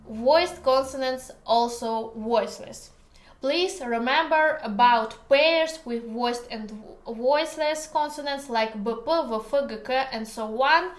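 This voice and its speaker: A woman's voice: high voice, a bit bright. A Russian-accented woman teaching a casual language lesson at home, speaking careful, hesitant English with a joking streak. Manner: slow, careful, hesitant English with many pauses; playful, joking. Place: home kitchen. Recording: echoey kitchen room.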